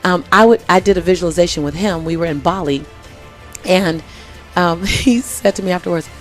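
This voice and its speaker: A woman's voice: lowish voice, brisk, faint music behind. A woman chatting as an interview guest, earnest and fond of repeating her key phrases. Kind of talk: casual conversation.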